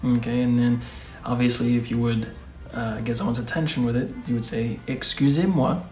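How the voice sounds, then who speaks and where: A man hosting a casual lesson who speaks patiently and repeats each phrase slowly. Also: medium pitch, completely flat delivery, warm tone. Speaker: language teacher, channel host. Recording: echoey room with faint music.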